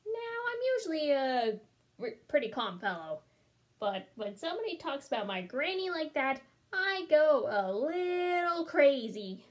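A woman's voice: high-pitched, big pitch swings, measured pace. Woman reading as a wry, chatty wolf. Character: smooth-talking male wolf defending himself. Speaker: storybook reader. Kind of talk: children's read-aloud.

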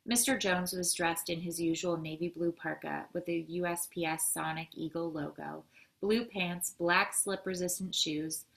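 A woman educator reading a children's novel aloud, expressive with occasional slips. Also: on the low side, vocal fry.

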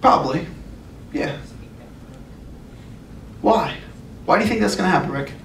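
Male youth pastor, high voice, earnest sermon, recorded from afar in an echoey room. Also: lively intonation, a little slow, gravelly. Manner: earnest, emphatic, repeats phrases. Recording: echoey room, distant mic, faint noise.

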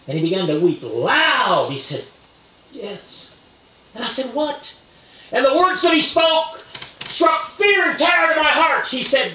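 A man preaches at a revival tent meeting, his voice high and swooping as he drops to a hush and then rises to a shout. He sounds far from the mic in a roomy space. The recording is dull and lo-fi, with crickets chirping clearly behind him. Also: very animated, unhurried, long pauses, slight background noise. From Kentucky. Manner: storytelling, swinging between hushed and shouted emphasis. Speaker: evangelist. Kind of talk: revival sermon. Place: tent meeting at rodeo grounds.

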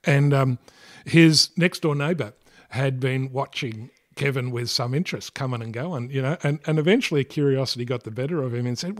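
An older Australian man, a retired air force fighter pilot, speaks in a mid-range voice as a guest in a casual interview. He tells his stories haltingly, rambling with many fillers, restarts and self-corrections, and laughs easily and often.

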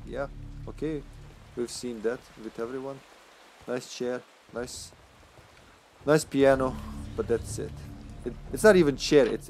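A man's voice: mid-range voice, gravelly, darkish tone. A man with a Serbian accent, a native Serbian speaker, chatting casually and laughing often as he livestreams a game. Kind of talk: casual gameplay commentary.

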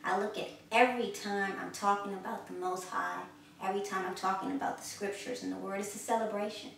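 A woman preaches an earnest sermon in a mid-range, creaky voice, speaking briskly with few pauses and fairly even intonation. She repeats phrases for emphasis and grows louder when she exhorts. The recording is distant and echoey, with a little hiss or hum.

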